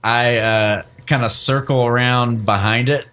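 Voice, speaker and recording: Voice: medium pitch, steady tone, a little slow, a bit bright, smooth. A tabletop player who talks hesitantly with many fillers while describing attacks. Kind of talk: casual tabletop play.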